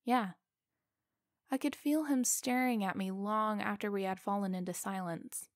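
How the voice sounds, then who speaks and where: A woman narrating a scripted first-person story in a slow, deliberate, suspenseful way. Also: medium pitch, no echo, clean studio sound.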